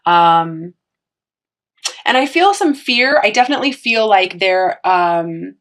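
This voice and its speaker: A woman's voice: mid-range voice, expressive, slow pace, a bit bright. A woman giving a casual, encouraging tarot reading, earnest and full of fillers and restarts. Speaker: tarot reader.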